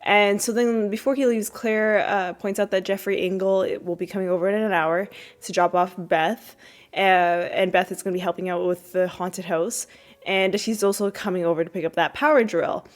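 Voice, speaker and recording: A woman's voice: steady tone, moderate pace. A woman hosting a podcast, casually recapping a TV episode in a rambling way, with many fillers and restarts, her voice jumping up when she quotes characters. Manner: jumps high when quoting characters. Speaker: podcast host.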